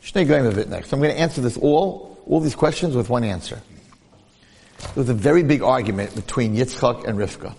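A man giving a lively Torah class, storytelling and asking rhetorical questions while acting out the people he quotes. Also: mid-range voice, fairly quick, vocal fry, breathy edge. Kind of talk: animated Torah lecture with storytelling. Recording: long hall reverb.

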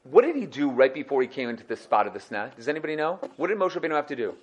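A man giving a Torah class, animated, acting out quotes and asking the class questions. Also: medium pitch, very fast, lo-fi sound. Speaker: Torah teacher.

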